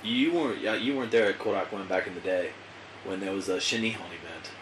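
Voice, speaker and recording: A man appearing as a podcast guest, telling animated anecdotes with casual swearing. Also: low voice, quick pace. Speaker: podcast guest, pro wrestler. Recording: echoey room with noisy background.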